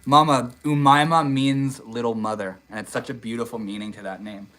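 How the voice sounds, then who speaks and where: A young man hosting a casual live stream, reading viewer comments aloud in a relaxed, swear-heavy way. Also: mid-range voice, fairly quick, poor audio. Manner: laid-back, swears casually, says dude and bro a lot. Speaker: livestream host. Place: outdoors in the desert.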